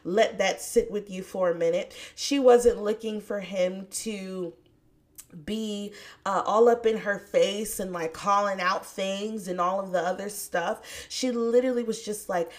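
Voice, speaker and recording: A woman hosting a podcast, talking about scripture in a casual, chatty way with bursts of excitement. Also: on the low side, measured pace. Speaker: podcast host. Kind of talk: casual faith podcast talk.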